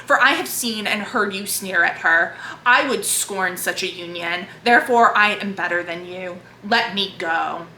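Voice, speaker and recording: A woman's voice: medium pitch, a little slow, few pauses, bright, forceful tone, slight background noise. A woman reading aloud as a proud, defiant young governess, firm and impassioned. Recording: echoey room.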